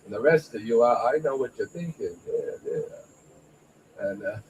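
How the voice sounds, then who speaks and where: Halting, slow-talking man doing stand-up. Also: mid-range voice, expressive, a little mellow, a little hiss or hum, low-quality recording. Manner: halting, stammering delivery with fillers and self-laughs. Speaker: stand-up comedian. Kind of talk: open-mic stand-up routine. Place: small venue at an open mic night.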